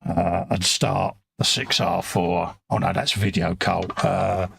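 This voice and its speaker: A man's voice: low-pitched, level tone, takes it slowly, vocal fry, fairly bright tone, husky, dry recording. A man, co-hosting a live stream in a laid-back, chummy way with casual slang. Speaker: livestream co-host. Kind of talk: casual chat.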